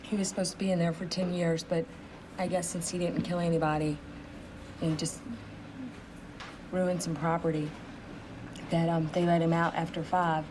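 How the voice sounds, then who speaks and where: A woman playing a halting, naive shop girl. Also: lowish voice, flat delivery, background noise, lightly acted. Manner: hesitant, halting, lots of ums. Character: naive young woman ice cream shop worker. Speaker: ice cream shop worker. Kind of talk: mockumentary interview.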